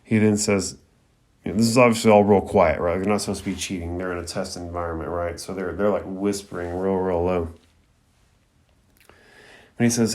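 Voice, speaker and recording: A man's voice: sits low, fairly even intonation, normal speed, a little mellow. A man hosting a podcast, recapping an anime episode in a chatty, slangy way full of fillers.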